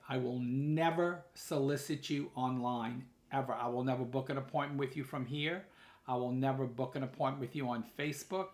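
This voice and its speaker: In an echoey room, a medium-pitched man hosts a casual live-stream podcast. He's a podcast host and medium, chatting away and telling stories that keep restarting.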